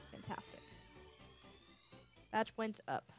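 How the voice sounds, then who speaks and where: A woman chatting casually over her gameplay, blunt and quick to swear. Her fairly high voice moves up and down a lot. Soft game music runs underneath. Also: very animated. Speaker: let's play host.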